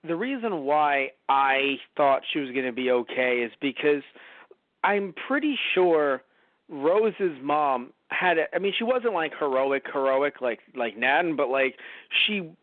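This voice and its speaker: A man co-hosting a casual review podcast. His fairly high voice rambles animatedly through long thoughts. The sound is dry and tinny, like a phone line. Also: dry recording. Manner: rambling, animated, acts out quotes. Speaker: podcast co-host.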